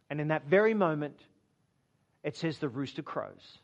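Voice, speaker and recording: A man preaching a sermon, retelling a story dramatically, acting out quoted lines and dropping low and soft for emphasis. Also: normal speed.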